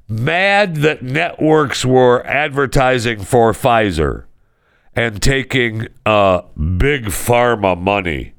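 A man's voice: mid-range voice, lively intonation, takes it slowly, creaky, a bit bright, clear, resonant tone, no echo, studio quality. A man co-hosting a casual comedy podcast, ranting sarcastically and in exasperation. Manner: sarcastic, exasperated, swings into mock voices. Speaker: podcast co-host. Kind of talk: casual comedic talk-show rant.

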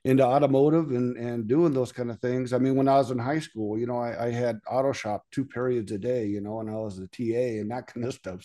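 A man's voice: mid-range voice, warm tone. A middle-aged man from California, a guest in a casual interview, telling long rambling stories full of fillers and "he goes, I says.". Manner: rambling, folksy anecdotes, lots of fillers, quotes others with "I says" and "he goes". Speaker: guest, automotive executive.

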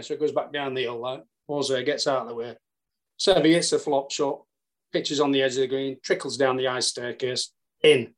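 A man with a Yorkshire accent, a golf caddie guest telling lively stories with casual swearing. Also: mid-range voice, fairly quick. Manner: animated, earthy, casual swearing. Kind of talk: storytelling chat.

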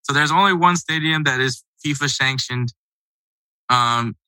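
A man's voice: mid-range voice, unhurried, pushed and bright, clear, resonant tone, dry recording, poor audio. A man hosting a casual sports podcast, talking in a loose, rambling, conversational way. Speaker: podcast host.

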